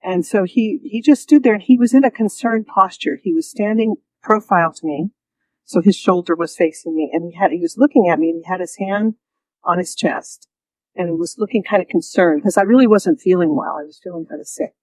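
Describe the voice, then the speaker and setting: A woman telling her own story as an interview guest, lively and often laughing, acting out the voices she quotes. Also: fairly low pitch, brisk, no echo, low-quality recording.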